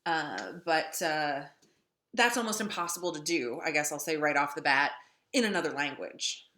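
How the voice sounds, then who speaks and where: Low-pitched woman, wry chatty lecturer, roomy echo. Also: lively intonation, moderate pace, bright, forceful tone. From North Dakota. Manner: chatty, wry, with many ums. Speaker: literature lecturer. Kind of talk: classroom lecture. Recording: echoey room.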